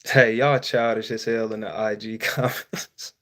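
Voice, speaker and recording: A man hosting a casual live-stream Q&A, swearing freely and joking with viewers, laughing often and swinging between loud outbursts and quiet asides. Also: fairly low pitch, level tone, measured pace. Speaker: streamer host.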